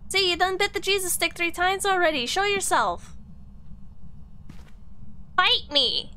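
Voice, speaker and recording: High-pitched woman taunting a ghost. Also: lively intonation, measured pace, bright, forceful tone. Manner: taunting, cursing, repetitive calls. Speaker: streamer. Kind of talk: casual gameplay commentary.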